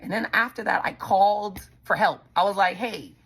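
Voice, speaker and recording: Blunt, husky-voiced woman telling her story. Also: mid-range voice, steady tone, fairly quick, a bit bright, soft background music. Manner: blunt, profane, conversational, addresses listeners directly. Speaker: podcast host. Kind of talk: candid personal storytelling.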